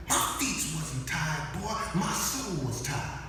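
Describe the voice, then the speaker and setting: A man recounting a personal story to an audience in an earnest, slow, unhurried way. His bright voice sounds distant and washes around a big, long-reverb hall, with faint room noise underneath. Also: a little high, lively intonation. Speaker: storyteller at a history program. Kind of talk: live dramatic storytelling. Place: large hall, live program. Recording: echoey hall from far off.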